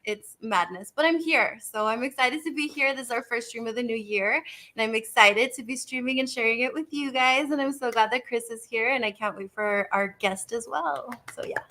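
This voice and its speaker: A woman co-hosting a live stream, gushing and excitable. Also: fairly high pitch, moderate pace, slight background noise. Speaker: co-host. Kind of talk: casual live-stream chat.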